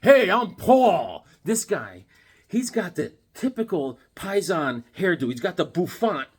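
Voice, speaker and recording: A man's voice: fairly high pitch, sing-song, a little slow, slightly rough. A man casually telling rambling, sarcastic stories while showing off his comic books. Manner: rambling, sarcastic, restarts often. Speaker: comic book collector and vlogger.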